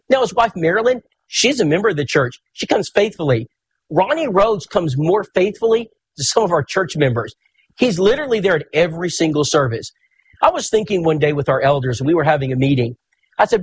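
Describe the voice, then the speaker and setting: A man, preaching in a folksy, animated storytelling sermon. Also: fairly high pitch, a little fast, husky.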